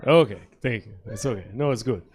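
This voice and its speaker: A man in his thirties from Ukraine, in the former Soviet Union, performs a stand-up set on a comedy theater stage. His medium-pitched voice is a little mellow and he talks fast, joking with apologetic, self-deprecating asides.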